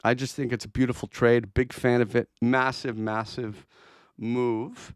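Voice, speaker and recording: A blunt, chatty man hosting a trading livestream, talking loosely through charts with lots of ums and restarts. His voice is smooth and clear at a middling pitch, close to the mic in a dry, deadened room. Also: flat delivery, unhurried, no echo. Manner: chatty, blunt, answers chat requests, many fillers and restarts. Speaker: crypto trading livestream host. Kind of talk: casual livestream chart commentary.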